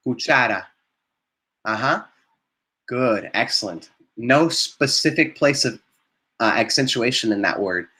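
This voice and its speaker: A man's voice: medium pitch, lively intonation, a little slow, sharp tone. A man teaching a live online Spanish class, modelling vocabulary and praising students with frequent encouragement.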